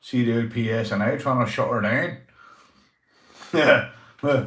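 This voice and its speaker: A man's voice: medium pitch, steady tone, fast. A man from Northern Ireland with a Northern Irish accent, hosting a casual livestream and chatting loosely to viewers, swearing and calling them mate. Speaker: livestream host. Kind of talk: casual livestream chat reading comments. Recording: echoey room.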